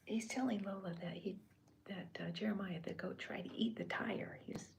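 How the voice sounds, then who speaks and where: A woman cartoonist in soft-spoken ASMR commentary, talking hesitantly with many restarts as she describes her comic panels. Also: medium pitch, steady tone, normal speed, gravelly, poor audio.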